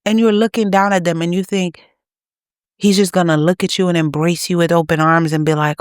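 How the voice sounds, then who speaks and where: A woman's voice: fairly low pitch, fairly even intonation, fairly quick, smooth, dry recording, studio quality. A woman preaching to her channel's viewers in an urgent, exhorting manner. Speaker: channel host. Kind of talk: preaching to camera.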